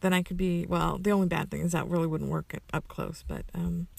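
A woman's voice: fairly low pitch, fairly even intonation, a little fast, gravelly, darkish tone, breathy edge, no room sound. A woman casually answering a list of questions, rambling with lots of fillers and self-corrections. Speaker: community member answering questions.

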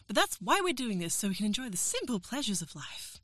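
A woman's voice: a little high, sing-song, brisk, fairly bright tone, no room sound. Woman, erotic audio role-play, professor character, teasing, coaxing, dry close sound.

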